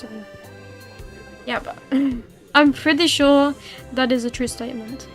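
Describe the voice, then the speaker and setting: A woman's voice: sits high, steady tone, moderate pace, a bit bright, faint music behind. A young woman hosting a livestream, chatting casually with her viewers in a rambling way full of fillers and restarts. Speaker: livestream host. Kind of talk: casual chat with viewers while streaming.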